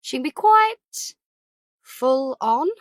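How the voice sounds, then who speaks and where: A woman voicing a friendly, chatty young mum with an Australian accent in an audiobook, talking brightly and briskly. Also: high voice, sing-song, no room sound, voice pushed up, heavily acted. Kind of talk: audiobook character voice.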